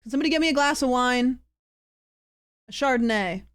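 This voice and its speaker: Woman, livestream chat, playful, sweary, giggles, a bit high-pitched. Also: a little fast, smooth, no echo, studio quality. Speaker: streamer.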